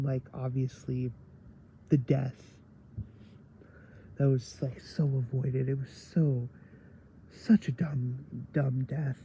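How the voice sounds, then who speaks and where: A tired man talks slowly through a casual episode review, rambling and pausing on fillers. His voice is mellow and gravelly. A faint hiss sits under the recording. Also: medium pitch. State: tired late at night.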